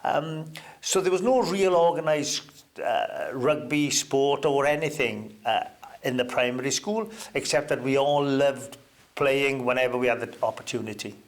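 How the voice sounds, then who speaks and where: Older man telling stories. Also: normal speed. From Wales. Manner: reminiscing, with hesitant fillers and sudden lifts in pitch. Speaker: interview guest. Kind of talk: relaxed anecdotal storytelling.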